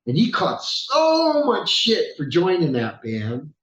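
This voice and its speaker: A man, a rock singer and guest, telling stories in a casual, animated way, swearing freely and laughing often. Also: sits high, slow pace. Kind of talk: casual storytelling interview. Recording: roomy echo.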